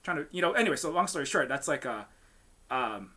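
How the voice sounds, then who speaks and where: A man's voice: on the high side, sing-song, a little fast, pushed and bright. A man from Hawaii speaking on a panel as a game studio founder, heated and ranting, swearing and restarting his sentences often. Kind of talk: impassioned panel discussion.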